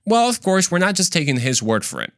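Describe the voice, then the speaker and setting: A man's voice: high voice, big pitch swings, quick pace, clean tone, no room sound, clean studio sound. A man hosting his own show, telling history in a casual storytelling monologue, chatty and self-correcting with frequent asides. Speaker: host.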